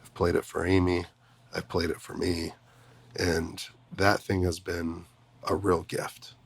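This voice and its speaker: A man talking as a podcast guest, an animated storyteller who laughs often. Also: deep voice, measured pace, creaky, slightly rough. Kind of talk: casual conversation.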